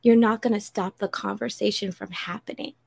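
A woman speaks with earnest conviction, like a preacher addressing the audience of a chat podcast. Her voice carries a noticeable gravelly fry. She speaks at a middling pitch and often quotes scripture. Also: fairly even intonation, fairly quick, a little mellow. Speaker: podcast regular. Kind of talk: heartfelt spiritual appeal.

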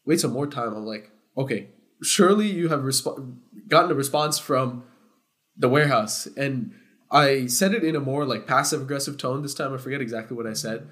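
Animated young man telling a story. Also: medium pitch, brisk. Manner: animated storyteller who gets loud and laughs when worked up. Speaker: podcast co-host. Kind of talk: casual storytelling among friends.

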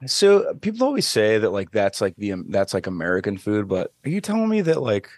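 A man's voice: lowish voice, wildly swooping pitch, fairly quick, no echo, clean studio sound. A man co-hosting a casual podcast, rambling and hesitant with lots of fillers. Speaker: podcast co-host. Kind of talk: casual chat.

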